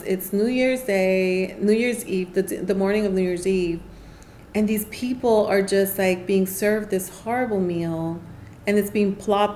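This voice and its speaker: A woman's voice: medium pitch, a little hiss or hum. A woman, a guest on a podcast, telling stories in a casual chat and acting out the voices of people she quotes. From New York City. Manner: animated storyteller, acts out quoted voices. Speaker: podcast guest, nonprofit founder. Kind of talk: casual interview storytelling.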